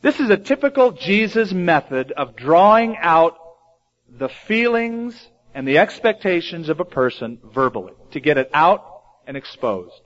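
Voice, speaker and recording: A man delivering a sermon, his fairly high voice rising and falling a great deal as he acts out the lines he quotes. The recording is dull and lo-fi. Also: big pitch swings, a little slow, a bit bright. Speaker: preacher.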